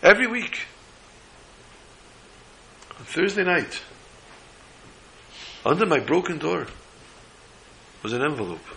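A man's voice: on the high side, slow pace, creaky, long pauses, slight background noise, poor audio. A man telling a religious story as a sermon, acting out the characters' voices with feeling. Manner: animated storyteller voicing characters.

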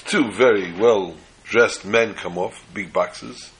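A man telling a folk story in an animated way, slipping in Yiddish phrases. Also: fairly low pitch, slow, background noise.

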